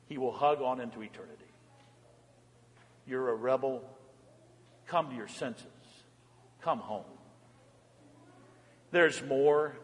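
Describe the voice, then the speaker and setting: A male pastor delivers a sermon in a fairly high voice. He pushes out loud, emphatic phrases, then drops into hushed, soft passages. His words trail off into the long reverb of a large sanctuary.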